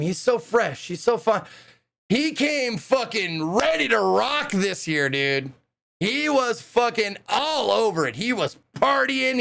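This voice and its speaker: A young man casually telling stories to a live chat, rambling and swearing with lots of fillers. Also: sits high. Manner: excitable, profane, rambling with many fillers. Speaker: live streamer.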